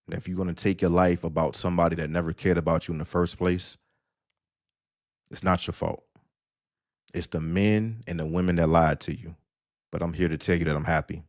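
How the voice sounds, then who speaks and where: A man with a deep, darkish voice hosts an audio-only live stream through its stream mic. He rants with sarcasm, talking straight to the listener and lecturing them bluntly.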